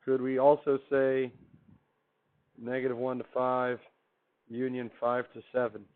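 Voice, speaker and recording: Though his delivery is flat and a little slow, this mid-range-voiced man keeps his math class lecture chatty and upbeat. He asks the class questions and answers them himself, recorded with a tinny, phone-like sound.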